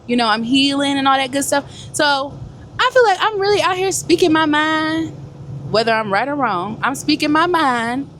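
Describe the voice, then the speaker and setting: A woman truck driver chatting casually to her viewers from the cab while driving, animated and talkative. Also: sits high, normal speed. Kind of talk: casual vlog chat to viewers. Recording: loud road and engine noise. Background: truck road noise.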